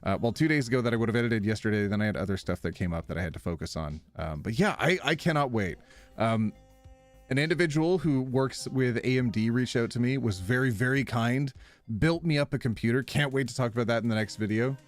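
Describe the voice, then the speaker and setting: On his live stream, a man chats casually with viewers in a mid-range voice at a fairly quick pace. Animated and quick to laugh, he reads their messages aloud over soft background music.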